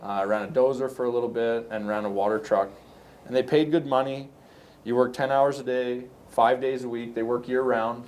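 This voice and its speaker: A man's voice: medium pitch, steady tone, a little fast, a little mellow. Canadian man telling rambling stories. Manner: rambling, anecdotal, frequent restarts. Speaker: podcast guest, construction company owner. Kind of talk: casual storytelling.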